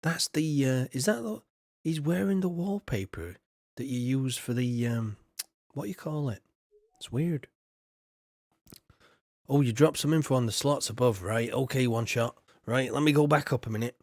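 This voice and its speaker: A man rambling through casual live-stream commentary on a game, chatty and often clearing his throat. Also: medium pitch, normal speed, pauses often, darkish tone, no room sound, clean studio sound.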